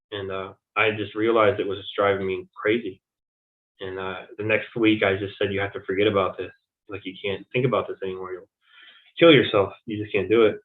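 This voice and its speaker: A man recounts his own experiences in an interview, speaking in a halting way with frequent fillers and restarts. His voice sits fairly low. The sound is thin and narrow, like a phone call. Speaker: interview guest. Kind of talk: conversational recounting of personal experiences. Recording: tinny phone-like audio.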